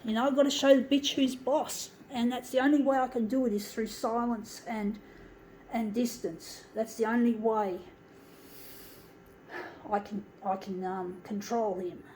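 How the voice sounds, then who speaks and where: A woman's voice: on the high side, fairly even intonation, unhurried, darkish tone, slight background noise, poor audio. A woman ranting angrily to her viewers as a vlogger, swearing heavily and calling them folks. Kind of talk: angry personal rant to viewers.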